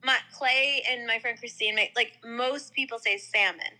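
A woman's voice: a little high, steady tone, normal speed, sharp tone, low-quality recording. A young woman with a New York–New Jersey accent in casual chat, blunt and quizzing, swearing casually.

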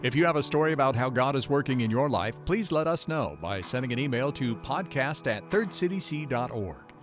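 A man reading a short scripted podcast announcement in a plain, even way. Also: mid-range voice, fairly quick, soft background music.

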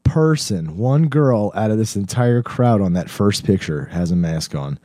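A young man co-hosting a podcast in casual chat, hoarse and losing his voice, animated and rambling, calling his friend "dude" and "bro". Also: fairly low pitch, a little slow, no echo, studio quality. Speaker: podcast co-host.

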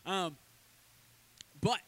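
A man preaching a sermon as a pastor in a church, talking in a loose, conversational way with lively asides. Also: very slow, rough recording. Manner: conversational, energetic preaching with asides and acted quotes.

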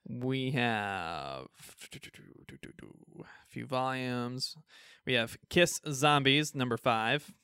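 A man's voice: mid-range voice, expressive, very slow, bright, forceful tone, clean tone, no room sound, clean studio sound. A man co-hosting a casual podcast, reading through a list of new comic releases with jokes along the way. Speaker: podcast co-host.

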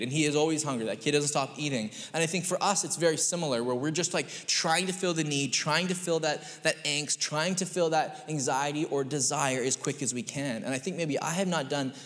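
Animated storytelling pastor in a reverberant church. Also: male voice, on the high side, brisk, few pauses. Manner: storytelling with animated acted-out quotes. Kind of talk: sermon. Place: church sanctuary. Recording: long hall reverb in a church.

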